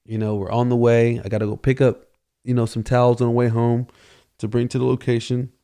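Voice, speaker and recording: A man's voice: medium pitch, level tone, a little fast, mellow, clear, resonant tone. A man hosting a podcast, telling a casual story and rambling with constant "you know" fillers. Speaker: podcast host.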